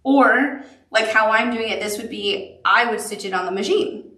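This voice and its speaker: A woman's voice: on the high side, moderate pace, sharp tone, roomy sound, far from the mic. A woman with a Southern accent leads a live quilting tutorial, chatty and upbeat, with cute little asides. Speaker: quilting instructor.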